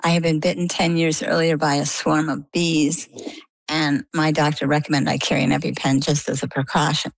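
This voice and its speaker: An older woman from Maine, a guest telling her own story in a chatty, lively way. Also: sits low, normal speed, gravelly, dry recording. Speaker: interview guest. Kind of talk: casual storytelling.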